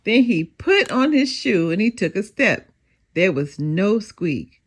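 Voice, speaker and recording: A woman's voice: medium pitch, slow, husky. Older woman reading a children's story. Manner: expressive, animated reading. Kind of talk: children's read-aloud.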